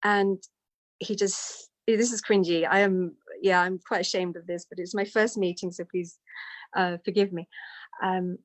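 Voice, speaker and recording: A woman's voice: fairly low pitch, fairly even intonation, a little slow. A woman telling a personal story in a candid, self-deprecating way. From United Kingdom. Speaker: devotee sharing testimony.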